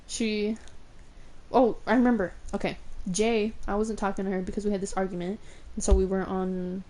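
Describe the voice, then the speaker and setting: A woman's voice: medium pitch, darkish tone. A young woman streamer telling stories casually, rambling with lots of fillers, swearing freely and laughing often. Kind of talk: casual storytelling while gaming.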